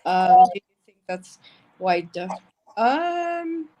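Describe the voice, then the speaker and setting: A woman's voice: on the high side, big pitch swings, slow, warm tone, poor audio. A woman giving casual live-stream commentary, blunt and swearing often, with emotional asides. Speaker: livestream commentator.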